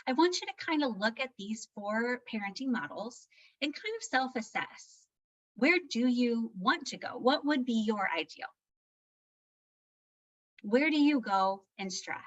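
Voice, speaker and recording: Her voice fairly high and fairly bright, a woman presents a live parenting workshop in an expressive, unhurried way. Candid and self-deprecating, she keeps checking in with the audience by ending points with "right?", heard through slightly muffled lo-fi audio.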